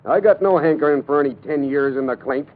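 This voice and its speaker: A man's voice: on the high side, brisk, close to an everyday voice. A man playing a cocky gangster informant. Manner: cocky, boastful, laughing it off. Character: cocky young male gangster turned informant. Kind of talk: 1930s radio drama acting. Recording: narrow lo-fi old radio recording with faint hiss.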